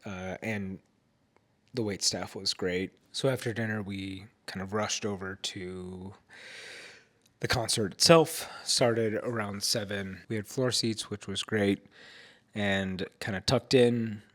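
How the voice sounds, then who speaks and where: A tired man speaks with a congested, stuffed-up nose, his voice sitting a little low. He talks slowly and rambles with fillers as he recaps the night from home in a casual vlog. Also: steady tone, fairly bright tone. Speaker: vlogger.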